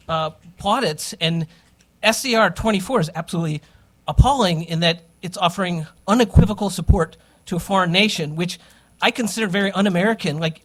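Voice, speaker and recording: A man's voice: fairly high pitch, a bit bright. A man giving firm, indignant testimony at a public hearing. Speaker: public witness.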